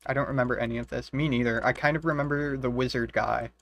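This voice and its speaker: A man's voice: mid-range voice, steady tone, fast, vocal fry, a bit bright, a little hiss or hum. A man casually commenting on a game he is playing, swearing freely and reading the quest guide aloud. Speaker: game streamer. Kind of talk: casual let's-play commentary.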